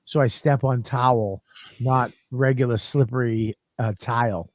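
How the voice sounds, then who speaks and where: A man co-hosting a podcast, telling profane, animated stories in casual comedic chat. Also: mid-range voice, a little slow, no echo. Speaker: podcast co-host.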